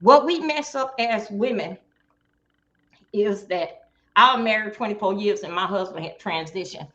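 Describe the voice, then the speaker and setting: A woman's voice: mid-range voice, moderate pace, bright, forceful tone. A middle-aged woman talking casually about relationships on a livestream video call, acting out both sides of everyday conversations. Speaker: guest. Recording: dull lo-fi stream audio.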